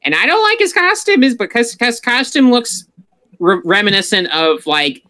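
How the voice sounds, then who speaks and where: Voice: mid-range voice, sing-song, normal speed, pushed and bright. A podcast co-host in casual pop-culture chat, rambling and opinionated, full of fillers.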